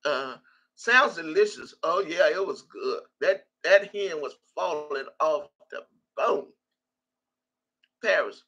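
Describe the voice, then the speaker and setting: A woman's voice: low voice, lively intonation, takes it slowly, a bit bright, husky, dull audio. A woman hosting a casual livestream and reading viewers' comments aloud, brash and profane, often laughing. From Texas. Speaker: livestream host.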